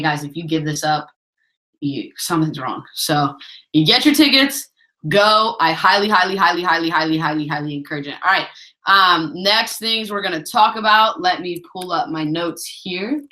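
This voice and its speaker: A network marketing trainer delivers a motivational sales talk in a low-pitched, bright, forceful voice, captured roomily on a rough recording. Pep-talking her team, she repeats herself for emphasis and keeps saying "guys."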